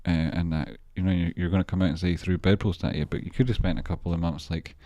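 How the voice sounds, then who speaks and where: A man's voice: deep voice, steady tone, fast talker, dark tone, no room sound. A man hosting a trading livestream, chatting casually and rambling as he jokes and reacts to viewer messages.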